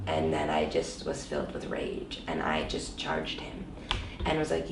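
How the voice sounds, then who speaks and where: A woman's voice: a bass voice, big pitch swings, a little slow, creaky, far from the mic, a little hiss or hum. A woman guest in an interview, candidly telling a personal story with emotion and many fillers, in an echoey room set back from the mic.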